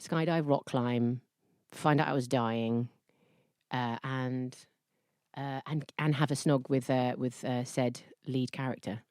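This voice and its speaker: A woman's voice: a bass voice, fairly even intonation, slow pace, a little mellow, no room sound, studio quality. A woman being interviewed as an actress guest, bubbly and giggly, telling stories with playful put-on voices. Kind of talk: casual interview chat.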